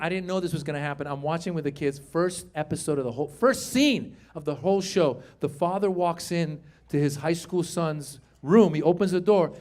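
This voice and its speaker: A middle-aged man doing a stand-up comedy set on a theater stage, telling animated stories, acting out voices and chatting with the crowd. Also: sits high. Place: theater stage before a live audience. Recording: live room with audience laughter.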